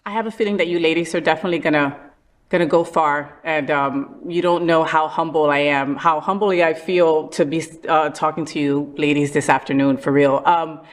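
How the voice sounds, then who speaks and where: A woman hosting a talk show, talking in a casual, animated and playful way with lots of emphasis. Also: low voice, a little fast. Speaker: host.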